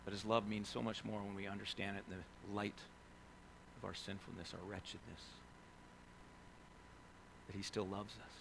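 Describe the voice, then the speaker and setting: A man preaching a sermon, telling stories in an animated way with many asides to the listeners. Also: fairly low pitch, normal speed, gravelly, long pauses, background noise. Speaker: pastor.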